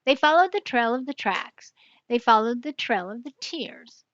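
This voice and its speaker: Older woman, storybook reading, slow and bright; dull dry recording. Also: a little high, no room sound. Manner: slow, clear, even reading. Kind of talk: reading a picture book aloud.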